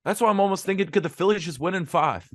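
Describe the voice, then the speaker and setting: A man co-hosting a casual sports podcast, chatty and quick to laugh, on a close mic. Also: high-pitched, no room sound. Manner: animated, laughs often, chatty. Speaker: podcast co-host.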